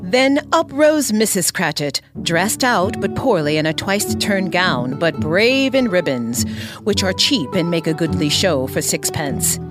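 A woman narrating a classic story aloud, with expressive storytelling. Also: unhurried, music in the background. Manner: expressive storytelling, lively pitch.

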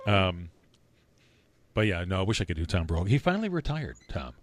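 A man's voice: low-pitched, sing-song, brisk. A middle-aged man hosting a radio show, chatting casually and telling stories with frequent laughter. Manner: chatty, storytelling, laughs often. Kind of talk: casual banter on air.

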